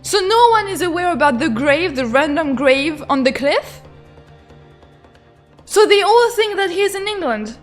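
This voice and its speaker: A young woman streaming a game, reading dialogue aloud and reacting excitably with stammers and shrieks. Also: very high voice, measured pace, faint music behind. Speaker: gaming streamer. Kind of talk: let's play commentary with voiced lines.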